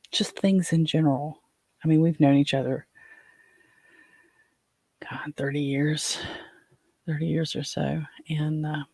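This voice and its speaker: A man's voice: a little high, gravelly, a little mellow, husky, no room sound. An older man hosting his own show, telling a personal story in a rambling way, with frequent restarts and fillers. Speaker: podcast host.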